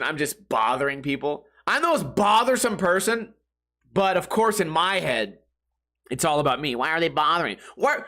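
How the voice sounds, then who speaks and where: A man's voice: on the high side, sharp tone. A man hosting a podcast, telling a crude, rambling comedic story and laughing at his own jokes. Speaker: podcast host. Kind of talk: casual comedic monologue.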